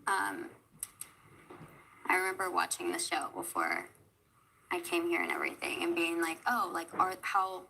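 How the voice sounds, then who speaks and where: A woman speaks hesitantly on a television show, with frequent pauses. Her low voice has a gravelly fry and a bright, tense edge. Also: animated, slight background noise, poor audio. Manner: soft, hesitant, with many pauses and fillers. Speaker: reality show contestant. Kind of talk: emotional televised interview.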